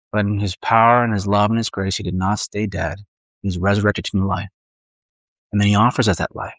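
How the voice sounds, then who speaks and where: A man's voice: medium pitch, no echo, low-quality recording. A man preaching a sermon as pastor in a conversational way, often acting out inner voices and restarting his phrases.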